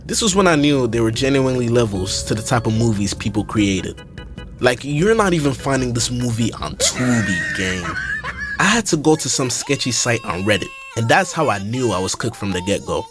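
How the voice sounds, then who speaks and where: Young guy, mid-pitch, slang-heavy comic recap over soft music. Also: normal speed. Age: young adult. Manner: slangy, animated, keeps saying bro. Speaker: YouTuber. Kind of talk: comedic movie reaction commentary.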